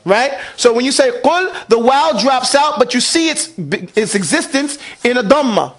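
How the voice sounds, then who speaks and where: Guy teaching quran recitation to a class, really high voice, quizzes students, has them say it back. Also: lively intonation, moderate pace, a bit bright. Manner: asks the class questions and drills them to repeat. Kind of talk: classroom lesson.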